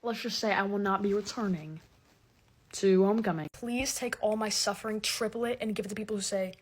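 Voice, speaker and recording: Husky young woman, sarcastic rants. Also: mid-range voice, steady tone, brisk. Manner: sarcastic, exasperated, jumps between loud outbursts and mumbled asides. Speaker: comedy TikTok creator. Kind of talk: ranting comic monologue.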